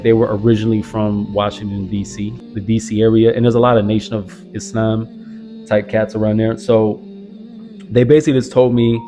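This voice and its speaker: A man's voice: lowish voice, warm tone. A young man from the American South earnestly telling his own life story, reflective, with many "like" fillers. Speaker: convert sharing his story. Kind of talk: personal storytelling. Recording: strong background music.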